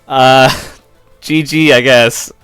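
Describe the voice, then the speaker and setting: A man giving live gameplay commentary in an excitable way, often breaking into helpless laughter, on a close, dry mic. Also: medium pitch, drawn-out words, clean tone, no echo, soft background music. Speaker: competitive game player and video creator.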